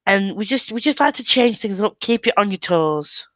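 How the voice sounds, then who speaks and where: A woman's voice: mid-range voice, expressive, moderate pace, fairly bright tone, no echo, highs cut off. A woman with an English Midlands accent, chatting casually and giggling often, playfully mimicking accents. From England. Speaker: booktube host. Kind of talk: casual video call chat.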